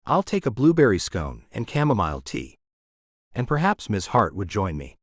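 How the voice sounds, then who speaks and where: A man's voice: fairly low pitch, wildly swooping pitch, moderate pace, no echo, clean studio sound. A man reading an audiobook, voicing an imperious, nosy older woman who plays matchmaker. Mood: imperious, sly. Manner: imperious, sly. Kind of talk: audiobook character voice.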